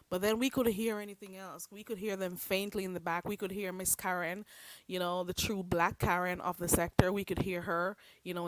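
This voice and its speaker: A woman giving casual livestream commentary, chatty and animated, who greets her chat viewers by name. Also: mid-range voice, no room sound. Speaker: YouTube commentator.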